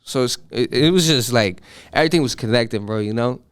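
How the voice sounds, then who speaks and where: An eighteen-year-old man excitedly telling a profane story, acting out the voices of the people in it. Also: mid-range voice, brisk, smooth, no room sound, studio quality. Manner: animated, profane, acts out voices in his story. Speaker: podcast guest. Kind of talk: casual storytelling.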